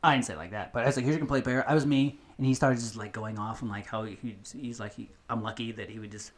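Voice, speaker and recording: A man's voice: fairly low pitch, steady tone, fast. A young man casually telling a long story on a podcast, rambling and cursing, with lots of fillers and restarts.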